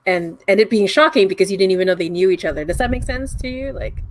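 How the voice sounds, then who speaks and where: Lively woman game master. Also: mid-range voice, a little hiss or hum. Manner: lively, quick to laugh. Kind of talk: narrating a tabletop game.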